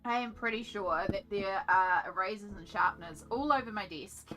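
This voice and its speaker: A young woman from Australia, an artist who streams, talks casually while colouring at her desk, thinking aloud and rambling off on asides. Her mid-range voice is pushed and bright at a moderate pace, and faint music plays behind her.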